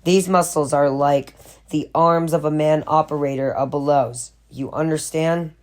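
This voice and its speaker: A woman reading the part of a calm, patronizing older male pharmacist in an audiobook, lecturing a boy. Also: low-pitched, unhurried. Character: older male pharmacist, smug and coldly manipulative.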